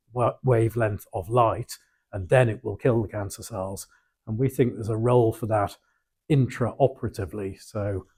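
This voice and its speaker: A man's voice: fairly low pitch, a little mellow, breathy edge. A middle-aged man giving an academic lecture, hesitant, with frequent ums and restarts.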